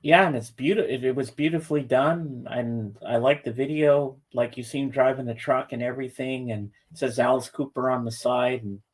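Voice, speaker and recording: A man co-hosts a relaxed podcast, talking in a plain-spoken, easygoing way. His voice sits at a middle pitch. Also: moderate pace, hardly any pauses. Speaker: podcast co-host. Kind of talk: casual chat.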